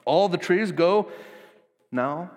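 A man's voice: high-pitched, lively intonation, slow, darkish tone. Guy preaching casual and jokey, slangy, big echoey hall. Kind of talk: casual sermon storytelling. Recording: long hall reverb.

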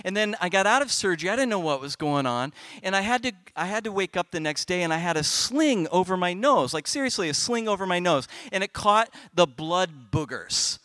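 A middle-aged man speaking on stage at a youth festival, telling a comic personal story to kids with big swings in loudness. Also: high voice, animated, brisk, few pauses, no room sound.

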